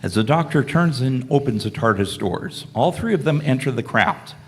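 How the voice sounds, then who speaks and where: Husky-voiced male narrator. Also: medium pitch, lively intonation, normal speed. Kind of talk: reading stage directions in a live radio play.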